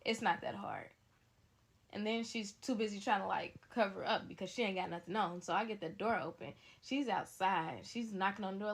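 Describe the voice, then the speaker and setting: A woman telling a story to her viewers in a sassy, animated way. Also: mid-range voice, moderate pace, gravelly, husky. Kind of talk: casual storytime narration.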